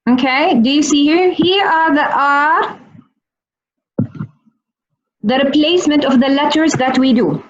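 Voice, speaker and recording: A woman teaching on a video call, slowly repeating each word for her students. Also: high-pitched, lo-fi sound. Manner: slow, repeats words for learners. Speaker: Arabic teacher. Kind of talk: online language lesson.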